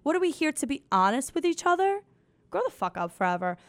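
Sarcastic young woman, high pitched, dry close sound, casual podcast host, swears freely. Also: sing-song, fast, no room sound. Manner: sarcastic, swears freely, mock-quotes others in put-on voices. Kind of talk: casual comedic chat.

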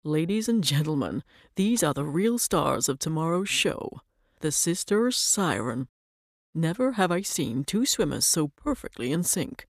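A woman reading the lines of a brash American male swimmer with a drawl, in smooth, flattering showman patter. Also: low-pitched, unhurried, no room sound, clean studio sound, heavily acted.

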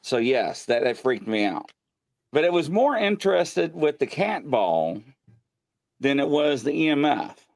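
A man hosting a live paranormal show from his home studio, telling ghost stories excitedly and acting out what people said. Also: on the high side, a little slow, vocal fry, no echo. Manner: excitable storyteller, acts out quotes. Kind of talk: casual live-stream chat. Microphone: desk mic.

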